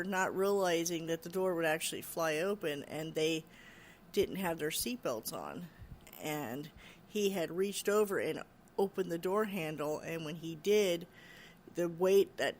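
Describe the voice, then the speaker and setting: A podcast host casually retells a ghost story in a loose, chatty style, leaning on "she's like" and "you know" and acting out the characters, getting animated and raising the voice when quoting them. The pitch is middling, with faint noise humming in the background.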